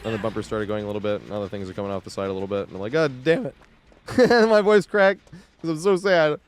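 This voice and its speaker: A man's voice: lowish voice, very fast, no room sound. A man streaming live gameplay, talking casually and swearing, humming and muttering to himself as he plays at home. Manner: casual, swearing, hums and mutters while playing.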